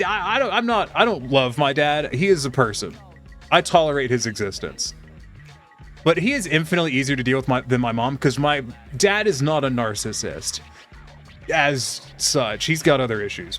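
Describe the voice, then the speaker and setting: A man's voice: mid-range voice, a bit bright. A middle-aged man streaming a game, chatting with viewers and ranting with heavy swearing. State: undergoing chemo. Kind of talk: casual gaming stream chat.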